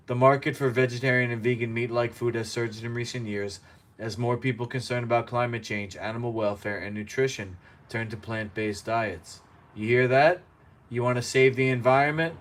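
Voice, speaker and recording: A man reads news stories aloud at home and keeps breaking off into sarcastic asides. His voice sits at an ordinary middle pitch, and the talk is loose and casual, recorded in an apartment kitchen while he cooks. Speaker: host of a home news show.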